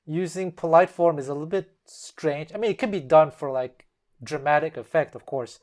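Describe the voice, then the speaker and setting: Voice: medium pitch, normal speed, a little mellow. Casual, chatty language-lesson host. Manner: explains step by step and acts out example phrases in shifting tones.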